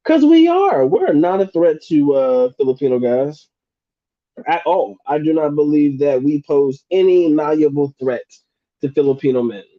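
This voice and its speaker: A man's voice: a little high, normal speed, dry recording, lo-fi sound. A man hosting a live Q&A stream, reading out chat questions in a casual, joking, slangy way with frequent laughs. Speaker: livestream host answering chat questions.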